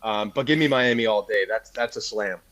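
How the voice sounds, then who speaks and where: A man's voice: fairly low pitch, moderate pace, fairly bright tone. A man co-hosting a sports betting podcast, giving opinions in casual chat full of fillers like "you know". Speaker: podcast co-host.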